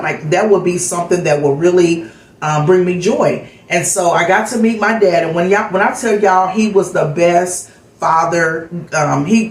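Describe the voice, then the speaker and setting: A woman's voice: fairly low pitch, roomy sound, low-quality recording. A middle-aged woman vlogger chatting candidly and telling a personal story in a casual way. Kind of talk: casual chat vlog.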